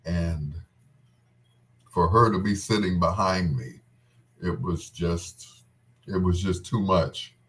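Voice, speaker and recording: A man fondly recalling a wedding in casual, heartfelt talk. He is tearful and halting, full of restarts and trailing pauses. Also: sits low, a bit bright. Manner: tender and tearful.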